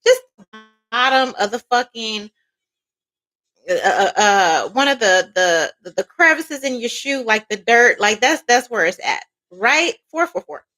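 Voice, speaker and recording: Brash woman with a bright voice. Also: fairly high pitch, a little slow. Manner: blunt, profane, animated, with laughs. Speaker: tarot reader. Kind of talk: casual spiritual monologue.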